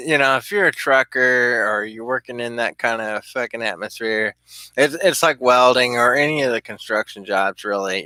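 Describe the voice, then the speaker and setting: Bright-voiced man rambling through a story. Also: mid-range voice, dry recording. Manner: rambling, profane, chuckling often. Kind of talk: casual anecdote telling.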